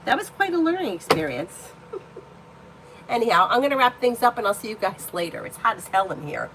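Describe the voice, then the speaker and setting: A woman's voice: on the high side, sing-song, moderate pace, background noise. Blunt, candid woman reading tarot live. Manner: candid, blunt, swears freely. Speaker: tarot reader hosting a live stream. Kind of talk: casual live-stream chat and storytelling. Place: indoor room at home.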